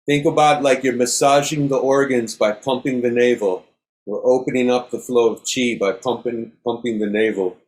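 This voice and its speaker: A middle-aged man, a yoga instructor, calmly leading a class through breathing exercises with step-by-step cues. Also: medium pitch, normal speed.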